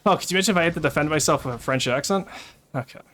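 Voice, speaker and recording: Rapid-fire and fairly bright, this man's slightly high voice narrates live gameplay, tossing chatty asides to his audience between bursts of play and cursing when he comes under attack.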